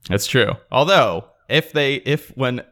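A man's voice: mid-range voice, lively intonation, a little slow, a bit bright. A man co-hosting a casual podcast, teasing his co-host in a dry, mock-formal way.

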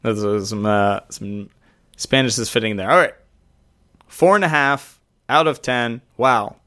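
A man co-hosts a podcast from a remote call and keeps up loose, joking banter. His voice is smooth and resonant, at an ordinary middle pitch. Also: measured pace, pushed and bright. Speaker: podcast co-host. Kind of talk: casual chat.

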